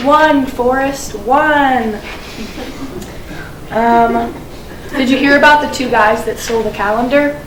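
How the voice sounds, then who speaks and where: A young woman telling one-liners as a student comic, deadpan and hesitant with frequent ums. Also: on the high side, normal speed, a little hiss or hum. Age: young adult. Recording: echoey room, mic far off.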